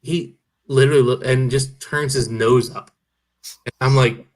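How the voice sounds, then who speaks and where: A man in casual chat, telling an animated story and swearing freely. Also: mid-range voice, measured pace.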